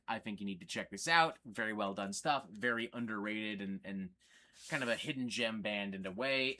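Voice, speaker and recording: A man's voice: lowish voice, bright, forceful tone. A man hosting a casual livestream, talking enthusiastically and swearing freely. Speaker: livestream host.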